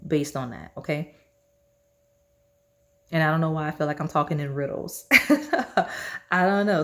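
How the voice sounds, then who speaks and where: Female tarot reader, deep-set voice, casual rambling delivery full of "um" and "like". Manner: rambling, chatty, many fillers and restarts. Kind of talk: casual pick-a-card tarot reading.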